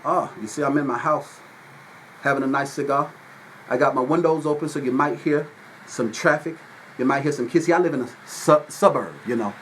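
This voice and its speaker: A man from Atlanta, Georgia, hosting a casual livestream from his phone at home and shouting out viewers by name. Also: medium pitch, fairly quick, slight background noise. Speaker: livestream host. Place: at home with windows open.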